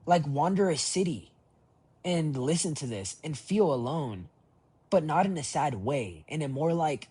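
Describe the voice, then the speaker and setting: A man's voice: on the high side, animated, measured pace, warm tone, breathy edge. A young man recording a rambling, reflective voice memo diary on his phone, full of fillers and restarts. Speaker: voice diary keeper.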